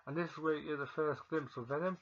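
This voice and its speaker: A man's voice: on the high side, steady tone, fast, lo-fi sound. A man casually recapping a film, rambling with frequent ums and restarts while feeling ill. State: feeling ill, pausing to cough.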